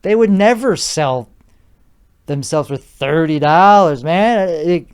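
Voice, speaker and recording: Slow and smooth, this slightly high male voice belongs to a podcast host doing a put-on Chicago accent. Sleep-deprived and overtired, he rambles alone on his show, swearing, arguing, and saying the same things again.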